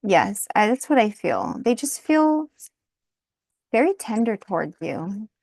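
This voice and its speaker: A woman's voice: mid-range voice, big pitch swings, measured pace, vocal fry, darkish tone, no room sound. Woman, tarot reader, casual, thinks aloud, giggly, dry close sound. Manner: thinks aloud, laughs often and apologizes. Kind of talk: casual spoken tarot reading.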